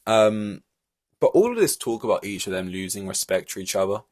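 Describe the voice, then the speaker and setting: A man hosting a solo podcast, talking in a rambling, animated way full of fillers and restarts. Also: fairly low pitch, brisk. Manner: rambling and animated, many fillers and restarts, laughs between points. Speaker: podcast host. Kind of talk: solo casual podcast commentary.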